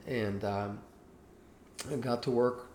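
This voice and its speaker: Taking his time, a man in his sixties shares life stories during an interview, earnest and animated in his telling. His voice sits mid-range; though born in Cuba, he has no accent, and the recording carries echo and a faint hiss.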